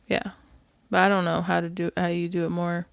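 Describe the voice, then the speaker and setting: A woman's voice: on the low side, little pitch movement, fairly quick, gravelly, smooth, no room sound, studio quality. A woman co-hosting a podcast, talking openly and casually about feelings and playing out little remembered exchanges. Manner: open and emotional, acts out little quoted exchanges. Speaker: podcast co-host. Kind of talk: casual chat.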